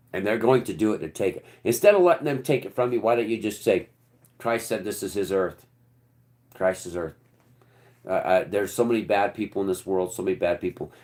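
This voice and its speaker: A man delivering a rambling, preachy monologue in casual, sometimes profane speech, with sudden loud outbursts that drop back to low murmurs. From United States. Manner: casual, swears. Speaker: channel host. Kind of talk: impassioned monologue.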